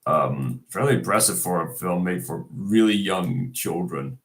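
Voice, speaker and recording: A man's voice: sits low, expressive, measured pace. A man getting over a cold talks casually in a tribute, hesitant and full of fillers and restarts. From Scotland. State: recovering from a cold, coughing. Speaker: video host.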